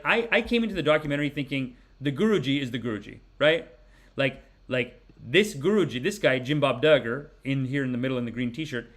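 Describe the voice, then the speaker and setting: A man in his forties hosting a podcast, giving rambling, animated, mock-preachy comic commentary. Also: mid-range voice. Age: 40s. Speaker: podcast host. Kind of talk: comedic commentary.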